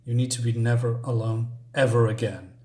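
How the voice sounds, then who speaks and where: A man voicing an ancient, hungry creature in a comic, speaking calmly and coaxingly. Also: mid-range voice, a little fast, natural voice.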